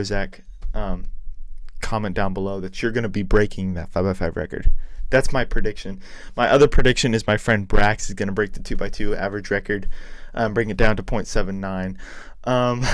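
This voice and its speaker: Low, smooth-voiced man hosting solo. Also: dry recording. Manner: chatty, hesitant, self-deprecating. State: losing his voice. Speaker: podcast host. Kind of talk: casual solo podcast chat.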